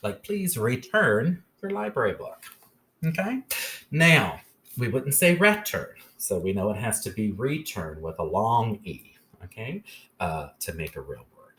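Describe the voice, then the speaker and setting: A man's voice: lowish voice, sing-song, measured pace, a bit bright. A man teaching a phonics lesson step by step, patiently checking in with "okay?" as he goes.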